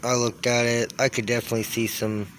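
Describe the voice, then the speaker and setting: A man's voice: mid-range voice, flat delivery, fast talker, fairly bright tone, slight background noise. A young man talking casually to camera about his car build, loose and rambling, with lots of fillers and restarts.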